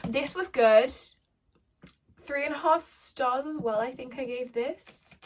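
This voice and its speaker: Young woman, book vlogger, casual and dramatic, slightly high voice. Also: slow, a little hiss or hum. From United Kingdom. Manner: dramatic, chatty, self-mocking. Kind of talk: casual chat.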